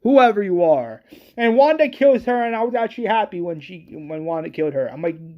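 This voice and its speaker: A movie reviewer ranting in an exasperated, excitable way, stumbling over restarts and swearing often. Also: mid-range voice, a little fast, muffled recording.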